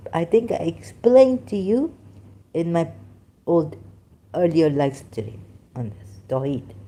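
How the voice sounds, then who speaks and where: A woman's voice: fairly low pitch, dark tone. A woman with a Persian accent, speaking in broken English, hosts a rambling religious commentary live stream and often halts and interrupts herself.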